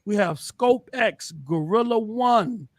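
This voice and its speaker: Male podcast host, high voice, easygoing banter, dry close mic. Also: lively intonation, slow pace, dry recording. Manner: laughing, shouting out chat names. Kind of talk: casual gaming podcast chat.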